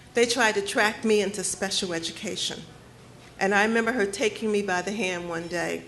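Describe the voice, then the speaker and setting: A woman's voice: medium pitch, a bit bright, a little hiss or hum. Earnest middle-aged woman telling her story. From Detroit, United States. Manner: measured, earnest storytelling with slow emphatic phrases. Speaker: author speaking at her book launch. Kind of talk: personal storytelling speech. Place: cafe event space with audience.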